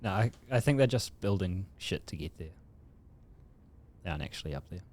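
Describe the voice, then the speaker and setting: A man's voice: low-pitched, lively intonation, fairly quick, darkish tone. A man co-hosting a podcast, laid-back and giggly, dropping short quips. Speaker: podcast co-host. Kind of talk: casual podcast banter.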